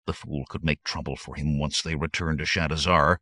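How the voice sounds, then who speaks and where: A man's voice: a bass voice, steady tone, a little fast, bright, forceful tone, dry recording, clean studio sound. A man narrating an adventure audiobook in a dramatic, vivid manner. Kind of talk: scripted narration.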